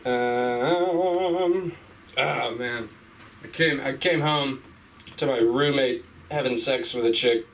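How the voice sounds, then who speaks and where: A man's voice: mid-range voice, takes it slowly, a bit bright, slight background noise. A young man doing a stand-up comedy set, rambling and giggling through his bits, with an audience laughing. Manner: rambling, giggly, trailing off with fillers. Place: comedy club stage. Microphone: stage microphone. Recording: live club recording from a distance.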